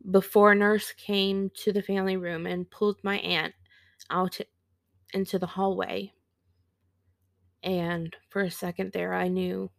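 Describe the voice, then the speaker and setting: Slow, creaky-voiced woman telling a sad story. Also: mid-range voice, fairly bright tone, no echo, clean studio sound. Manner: slow, halting and reflective, with pauses and restarts. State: teary. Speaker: podcast host. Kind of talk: personal storytelling.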